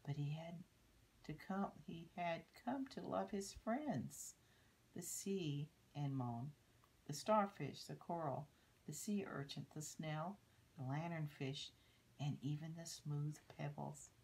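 Slow, low-voiced grandmother reading aloud. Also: darkish tone, rough recording. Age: older. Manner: unhurried, stops to point out pictures and teach. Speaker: storybook reader. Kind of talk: reading a picture book aloud to children.

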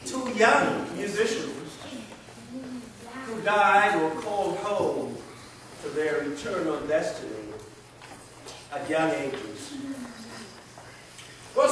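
A man's voice: sits high, sharp tone, distant mic. Male preacher, storytelling sermon, light hiss, echoey church from afar. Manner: storytelling with dramatic pauses. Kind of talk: Easter sermon.

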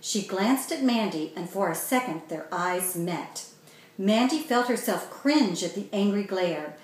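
A woman author reading her children's story aloud in a steady, clear way. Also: mid-range voice, measured pace, a little hiss or hum. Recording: very echoey room.

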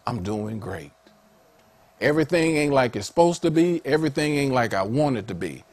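A man a sermon in an animated way, laughing often and rising to high excited calls. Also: moderate pace, dry recording. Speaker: preacher.

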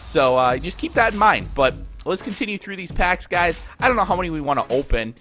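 A man's voice: high-pitched, expressive, fairly quick, bright, forceful tone, faint music behind. A congested young man with a nasal voice from Minnesota, casually chatting to viewers as he opens card packs in a video game. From Minnesota, USA. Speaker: gaming YouTuber. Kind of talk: pack opening commentary.

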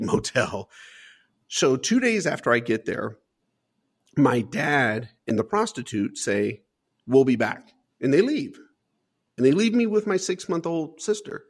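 A man as an interview guest, telling a personal life story in an earnest, emphatic way with frequent "man" asides. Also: mid-range voice.

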